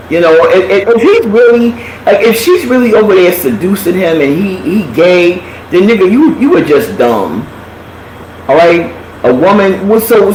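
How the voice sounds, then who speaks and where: High, lively man gossiping bluntly. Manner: blunt, animated storytelling with lots of cursing. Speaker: live chat show host. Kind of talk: profane casual gossip chat. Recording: echoey room, faint background hiss.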